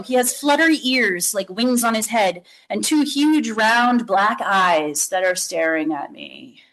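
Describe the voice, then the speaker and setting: A woman reading a children's book aloud to an audience, with lively, expressive storytelling. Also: mid-range voice, poor audio. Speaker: author reading.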